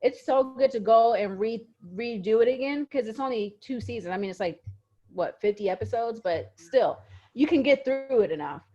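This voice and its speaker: A woman co-hosting a podcast in casual chat, telling things in an animated, emotional way over a video call. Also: a little high, moderate pace, muffled recording. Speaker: podcast co-host.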